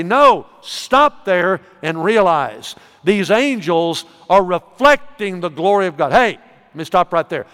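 A man preaching a sermon as pastor, emphatic, swinging between loud stresses and soft asides. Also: sits high, animated, slow pace, clean tone. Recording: long reverb of a large hall.

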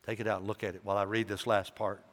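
A man's voice: fairly low pitch, little pitch movement, rapid-fire, fairly bright tone. A man, a pastor preaching a sermon as he tells a story, with rising emphasis. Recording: long reverb in a large hall.

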